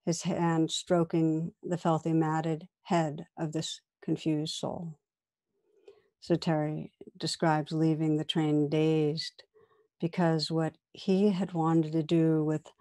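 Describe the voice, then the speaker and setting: A woman meditation teacher giving a dharma talk, telling a story in a gentle, measured way that sometimes drops to a soft whisper. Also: low voice.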